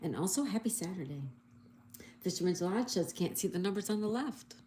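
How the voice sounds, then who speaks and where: Cheerfully greeting her audience and reading their comments aloud, this livestream host works through a crossword at a brisk pace. Her mid-range voice is warm and expressive, recorded in an echoey space with a little background noise.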